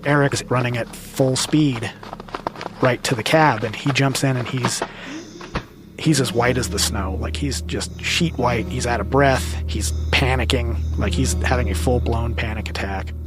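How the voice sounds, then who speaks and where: Man telling an eerie true story. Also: mid-range voice. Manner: earnest, halting, with small restarts. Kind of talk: first-person true-story telling for a podcast. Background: music underneath.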